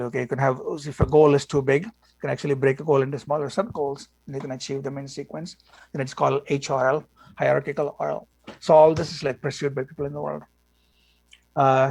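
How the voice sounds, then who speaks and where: Gravelly man giving a blunt lecture. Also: fairly high pitch, no echo. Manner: blunt, opinionated, talks with many fillers. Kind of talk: classroom lecture.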